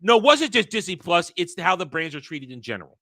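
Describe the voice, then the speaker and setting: A man's voice: high voice, big pitch swings, a little fast, bright, forceful tone. A male host giving a heated, profane rant as he reads an article and tears it apart, repeating his points. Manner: heated, profane, repetitive rebuttals. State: hiccups. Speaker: host and commentator. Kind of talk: reaction rant, reading and rebutting an article.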